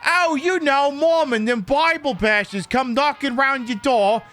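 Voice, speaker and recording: A man voicing a rough, foul-mouthed British gangster goon in a put-on British accent. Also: extremely high pitch, unhurried, pushed and bright, pitched above the performer's own voice, exaggerated voice. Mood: aggressive.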